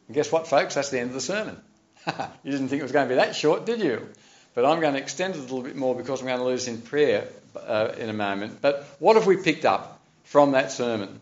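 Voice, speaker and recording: A man's voice: medium pitch, animated, fairly quick. Earnest preacher man. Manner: earnest, emphatic preaching with wry asides. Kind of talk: sermon and spoken prayer. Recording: dull lo-fi recording.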